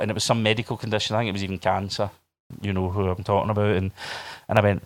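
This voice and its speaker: A man's voice: on the low side, level tone, racing. A man preaching a sermon as a pastor, telling stories and acting out the voices of people he quotes.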